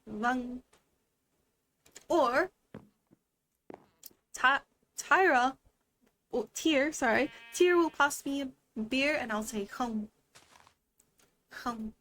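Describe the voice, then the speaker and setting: A woman's voice: on the high side, fairly bright tone, slight background noise. A woman giving a playful, chatty language lesson while streaming a game. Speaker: VTuber language teacher.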